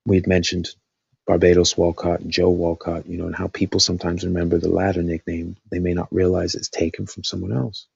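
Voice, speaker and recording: A man's voice: sits low, flat delivery, fairly quick, gravelly, darkish tone, husky, no echo, muffled recording. A man hosting a casual live stream, thinking aloud with lots of fillers, his voice dry after talking all night.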